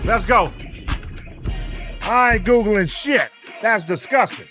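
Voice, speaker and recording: Taking it slowly in a high voice, a streamer host gives sing-song roll-call shout-outs and chats loosely and profanely with his viewers. Hip hop music plays loudly in the background.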